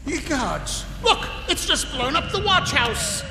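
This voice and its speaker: A woman playing an excitable young guard. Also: on the high side, normal speed, background noise. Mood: alarmed. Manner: eager, exclamatory. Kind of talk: live radio theatre acting. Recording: echoey hall recording with music behind.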